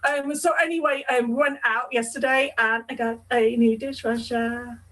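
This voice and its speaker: A woman's voice: a little high, steady tone, normal speed, fairly bright tone, poor audio. A young woman from the UK hosting a sewing podcast, chatting casually with her mother and laughing often. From United Kingdom. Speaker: podcast host.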